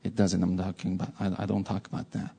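A man's voice: sits low, completely flat delivery, quick pace, gravelly, dark tone, breathy edge. A man preaching a sermon, telling a personal story in an earnest way and repeating words for stress.

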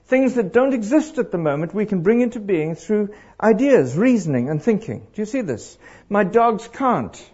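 A middle-aged man preaching to a congregation, animated and throwing questions out to the crowd. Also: high-pitched, moderate pace, hardly any pauses, breathy edge. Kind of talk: interactive sermon. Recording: dull lo-fi live recording.

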